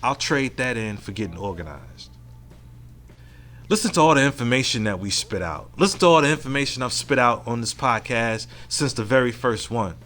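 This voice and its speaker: A man hosting his own podcast by himself, speaking at a middle pitch. He is frank and reflective and swears freely, as if talking into a home mic. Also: expressive, moderate pace, fairly bright tone, soft background music. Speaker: podcast host. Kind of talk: casual solo podcast monologue.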